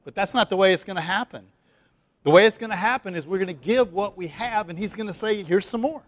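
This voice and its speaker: Chatty pastor with a higher male voice. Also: quick pace, dry recording. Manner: chatty, folksy, lots of fillers and restarts. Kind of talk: conversational sermon.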